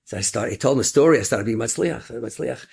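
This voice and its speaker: Man, middle-aged, American Yeshivish accent, husky rough voice, animated storytelling. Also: medium pitch, quick pace. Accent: American Yeshivish English with Hebrew and Yiddish words. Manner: animated storytelling, acts out dialogue with rising voice. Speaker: rabbi storyteller. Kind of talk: inspirational story told to an audience.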